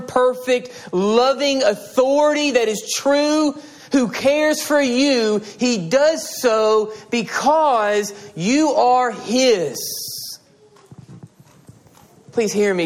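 Male pastor, higher voice, slow deliberate delivery, earnest pleading sermon style. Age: adult with children and a wife. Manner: pleading, emphatic preaching with repeated appeals.

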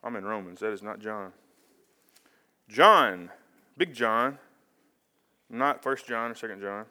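A man's voice: on the low side, animated, takes it slowly, sharp tone. A man preaching a casual sermon, talking conversationally with rambling asides and self-corrections.

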